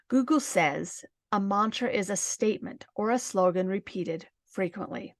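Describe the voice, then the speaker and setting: A woman hosting a self-help podcast, calmly guiding listeners through exercises in a slow, gentle, encouraging way. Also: mid-range voice, no room sound, studio quality. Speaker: podcast host.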